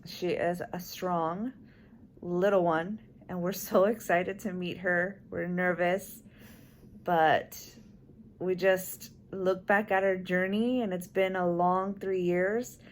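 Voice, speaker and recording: A young woman talks slowly and softly from a hospital room, her voice sitting a little low. She sounds emotional and grateful, with a faint hum of the room behind her. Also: fairly even intonation. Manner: soft-spoken, emotional, grateful. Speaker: expectant mother vlogger. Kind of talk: casual heartfelt chat.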